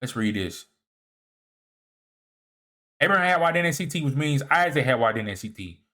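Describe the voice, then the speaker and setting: A man presenting a lecture over slides in a casual, halting way. He often repeats and restarts his words, checks in with "all right?", and swings between emphatic rises and low muttered asides. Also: expressive, bright, forceful tone. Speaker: presenter of a video series. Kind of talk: lecture walking through slides.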